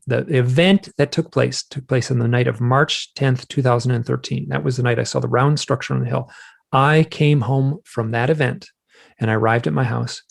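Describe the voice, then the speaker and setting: A man, a guest author, recounting a personal experience in conversation, acting out his own shouted lines as he tells it. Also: medium pitch, creaky. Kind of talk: telling a personal story in a conversation.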